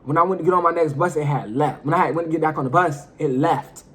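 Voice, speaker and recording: A young man telling a personal story in a casual vlog, animated and profane, talking straight to his viewers. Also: a little high, fast, slightly rough. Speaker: storyteller vlogger.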